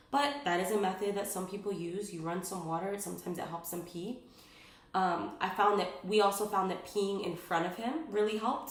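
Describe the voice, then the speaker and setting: A young mother talks through her tips in a loose, rambling vlog, her sentences full of "like" and "um." Her voice sits at an ordinary middle pitch. The room around her gives the sound a noticeable echo. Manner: rambling, frequent "like" and "um", earnest. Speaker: mother sharing parenting advice. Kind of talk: casual chatty vlog. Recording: roomy echo.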